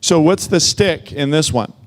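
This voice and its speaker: A man's voice: fairly high pitch, measured pace. Emphatic man coaching a sales team. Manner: emphatic, peppered with rhetorical "okay?" and "right?". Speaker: sales trainer. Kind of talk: motivational sales training talk.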